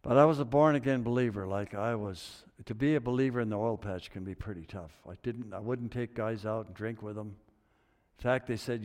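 A man, older, preaching a sermon with a personal story, dropping to low murmurs and rising to loud excited bursts. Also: a little fast. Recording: long reverb of a hall.

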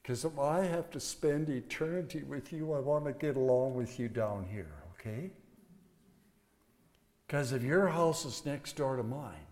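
A man's voice: medium pitch, lively intonation, unhurried, a little mellow. An older man preaching as a pastor, folksy and emphatic, with a closing blessing. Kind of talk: sermon. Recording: long hall reverb.

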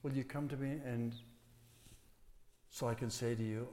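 A man's voice: medium pitch, fairly even intonation, normal speed, dark tone. An older man preaching as a pastor, folksy and emphatic, with a closing blessing. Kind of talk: sermon. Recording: long hall reverb.

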